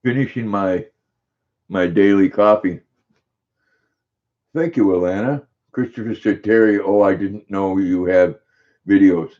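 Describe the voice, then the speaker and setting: An older man with a fairly low voice hosts a relaxed livestream. He reads viewers' comments aloud and greets each person by name in an unhurried, easygoing way. The sound is dull and lo-fi, like a home stream. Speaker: livestream host.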